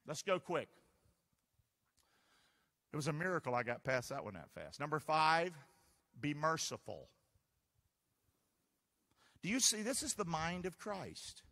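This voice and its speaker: Male pastor, animated call-and-response preacher; fairly high, bright voice heard in a hall with long reverb. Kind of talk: sermon. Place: church sanctuary.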